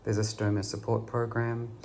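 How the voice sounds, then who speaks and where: A man's voice: on the low side, monotone, moderate pace, darkish tone, slight background noise. An Australian man recovering from surgery, chatting to camera from a hospital bed in a rambling way with many ums. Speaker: patient vlogger. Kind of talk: casual chat to camera. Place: hospital room. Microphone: camera at bedside.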